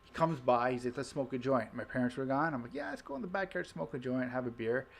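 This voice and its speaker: A man hosting a casual podcast, chatting in an ordinary middle-pitched voice. He rambles through stories, full of fillers, restarts and swearing, loose and unpolished. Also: lively intonation, quick pace, gravelly. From Canada. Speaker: podcast host. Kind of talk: casual chat.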